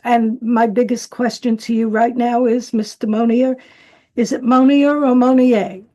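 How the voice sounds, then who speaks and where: A woman's voice: a little high, little pitch movement, moderate pace, mellow. A woman hosting an interview, effusive and chatty, with many fillers. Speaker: interview host. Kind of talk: casual video interview.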